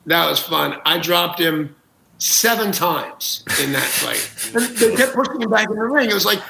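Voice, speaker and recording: A man's voice: high voice, animated, normal speed, vocal fry, sharp tone, echoey room, slight background noise, poor audio. A man, a talk show guest, telling comic anecdotes with gusto, acting out quotes and laughing at his own jokes. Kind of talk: animated comic storytelling.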